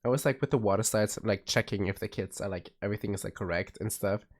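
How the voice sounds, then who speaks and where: A man's voice: lowish voice, quick pace, a little mellow. A young man chatting casually with his stream viewers, rambling with many restarts and laughs. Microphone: streaming mic.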